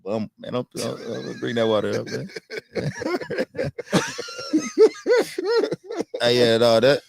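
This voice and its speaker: A man's voice: mid-range voice, flat delivery, brisk, gravelly, dry recording. A man co-hosting a livestream podcast in casual chat. He talks bluntly and emphatically, often repeating himself. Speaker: podcast co-host.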